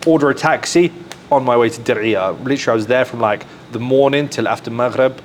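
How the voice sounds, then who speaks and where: An Englishman with an English accent, telling a story in casual talk on a live podcast, lively and full of "like" fillers, acting out what people said. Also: medium pitch, fast talker, a little hiss or hum. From England. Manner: animated, acts out quoted speech, full of "like" fillers. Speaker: podcast guest.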